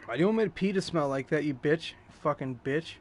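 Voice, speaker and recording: Swearing freely and rambling through candid stories, a young man gives live commentary while streaming a game with loud music playing. His voice is fairly high with lively intonation, and he speaks a little fast.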